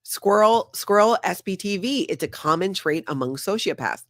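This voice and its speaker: Woman host chatting on a stream, reads viewer comments out loud, dry close mic, no room. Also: medium pitch, lively intonation, normal speed, no echo. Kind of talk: casual livestream chat.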